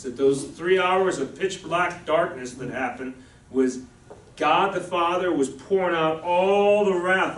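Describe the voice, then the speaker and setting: Folksy man preaching in an echoey church. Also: on the high side. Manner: conversational, folksy preaching with asides. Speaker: pastor. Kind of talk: sermon. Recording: echoey room, voice from a distance.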